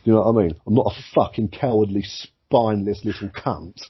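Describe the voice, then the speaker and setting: A man's voice: lowish voice, a little fast, slightly rough, dull audio. A man co-hosting a podcast, ranting and swearing heavily. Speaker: podcast co-host. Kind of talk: casual podcast chat.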